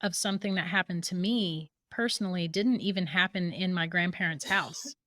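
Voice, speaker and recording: A woman as a podcast guest, telling a story in a lively way and laughing through it. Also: lowish voice, normal speed, dry recording.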